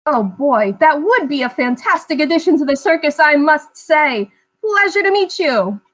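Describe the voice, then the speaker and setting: A woman's voice: sits high, expressive, moderate pace, a bit bright, poor audio. A woman voicing a small, cheerful male cartoon ringmaster who talks in theatrical showman patter. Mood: delighted.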